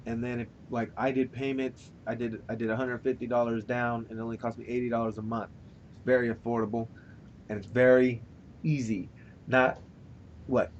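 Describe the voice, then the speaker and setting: A man co-hosting a podcast, laid-back and rambling, swearing freely, talking with a dry mouth. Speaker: podcast co-host. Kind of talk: casual chat. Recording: dull lo-fi recording with faint rumble.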